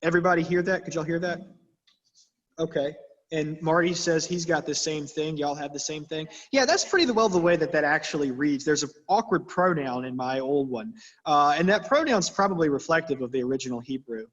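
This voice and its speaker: A man leads a church Bible study, chatting with the group and reading scripture aloud with weight. His voice is somewhat high and husky, and it rings out with the long reverb of a church hall. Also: a little fast, fairly bright tone, dull audio. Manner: conversational, checks in with the group, reads scripture with emphasis. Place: church meeting room.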